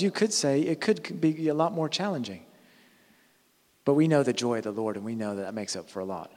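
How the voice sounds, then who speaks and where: A man's voice: high-pitched, darkish tone, in a large hall. A man preaching a conversational sermon, earnest, often restarting and correcting himself mid-sentence.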